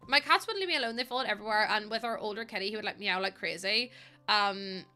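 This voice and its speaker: Bright, chatty young woman streamer. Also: medium pitch, fast talker, soft background music. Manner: rambling and chatty, with many fillers, swearing freely. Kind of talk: casual chat while playing a building game.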